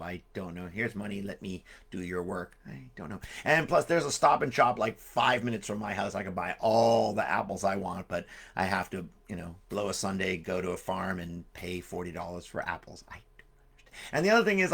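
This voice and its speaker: Guy storyteller cracking jokes, bright gravelly voice, rambles a lot. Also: lowish voice. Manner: jokey, rambling asides. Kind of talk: live-streamed storytelling for kids.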